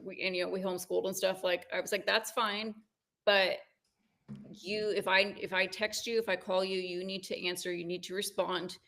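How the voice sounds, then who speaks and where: Animated woman telling a story. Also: medium pitch, normal speed. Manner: animated storytelling, rising when excited. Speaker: podcast co-host. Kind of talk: casual chat.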